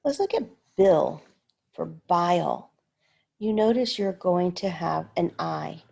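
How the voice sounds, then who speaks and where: Slow-talking woman with a gravelly, husky voice. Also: on the low side, lively intonation, a little mellow, lo-fi sound. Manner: careful, sounds out words syllable by syllable. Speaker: teacher. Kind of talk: slow recorded lesson walkthrough.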